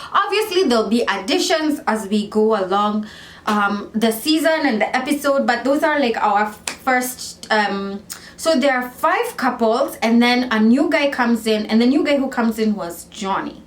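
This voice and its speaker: A young woman vlogger chatting casually about a reality show, animated and rambling, often correcting herself. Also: on the high side, echoey room. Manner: animated, rambling, self-correcting, lots of fillers.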